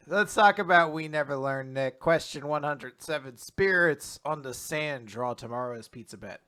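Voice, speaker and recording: Male podcast host, bright, slightly high voice, animated casual retelling. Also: moderate pace, clean tone. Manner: animated retelling, acts out quotes, laughs a lot. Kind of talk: casual manga recap chat.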